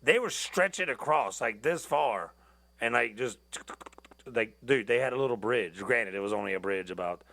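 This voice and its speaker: A man's voice: mid-range voice, lively intonation, moderate pace, creaky, a bit bright. A tired man hosting a podcast, ranting in a loose, rambling monologue full of profanity and restarts. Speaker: podcast host.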